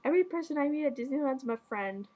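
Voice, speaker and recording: A teenage girl hosting a casual podcast, bubbly and gushing with quick asides. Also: high voice, lively intonation, a little mellow, poor audio. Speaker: podcast host. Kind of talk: casual chat.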